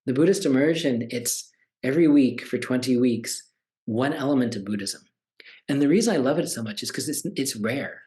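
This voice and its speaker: This is a meditation teacher in his forties, a man with a medium-pitched, darkish voice who speaks at a moderate pace. His conversational talk is casual and animated, and he acts out the voices of the people he quotes.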